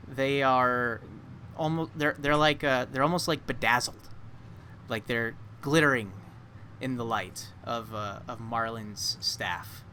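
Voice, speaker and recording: A man's voice: medium pitch, unhurried, sharp tone, slight background noise. A man narrating a tabletop game as game master, describing scenes with many fillers and restarts.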